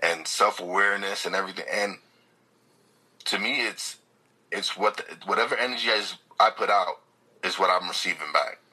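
A man with a low, husky voice talks earnestly in a casual chat. His tone is bright and pressed, and he sits right up on a dynamic mic, often repeating words as he restarts. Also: fairly quick, rough recording. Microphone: close dynamic mic.

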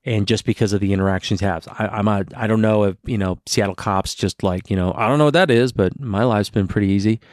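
A man's voice: on the low side, fast, few pauses, darkish tone, dry recording, clean studio sound. A man co-hosting a casual podcast as a parent, telling rambling stories and swearing freely.

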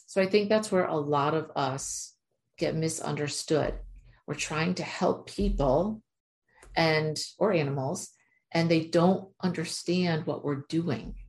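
A woman's voice: deep voice, slow, darkish tone. A woman who works as an animal communicator, telling a personal story in a chatty, emphatic way with lots of fillers. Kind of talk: casual storytelling monologue.

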